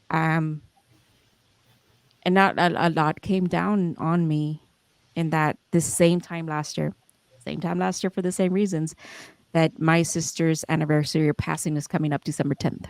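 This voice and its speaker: A woman's voice: on the low side, normal speed, a little mellow, no room sound. A young adult woman, the founder and host of a podcast, talking in a candid and emotional way with many restarts and fillers, swearing now and then. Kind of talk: reflective casual talk.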